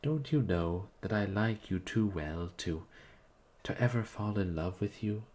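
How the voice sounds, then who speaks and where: Man putting on a frank young woman, mocking, deep voice lifted a little, unhurried. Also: darkish tone. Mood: teasing. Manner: candid, mocking, then earnest. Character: spirited young Parisian woman, teasing.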